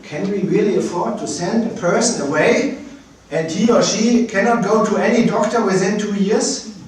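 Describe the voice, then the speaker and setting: A man giving a public lecture with slides, speaking hesitantly with many pauses and restarts. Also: high-pitched. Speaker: space agency director giving a public lecture. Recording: very echoey hall, mic at a distance.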